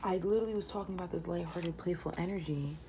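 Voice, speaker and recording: A woman giving a tarot reading, often dropping into a whisper and breaking into excited exclamations. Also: lowish voice, fast. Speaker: tarot reader. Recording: noisy home recording.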